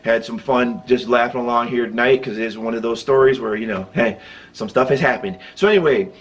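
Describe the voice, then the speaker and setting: A man's voice: mid-range voice, a little fast, muffled recording. A man hosting his own vlog, telling a loose, rambling story and chuckling often as he goes. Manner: loose and rambling, with many restarts and fillers. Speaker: channel host.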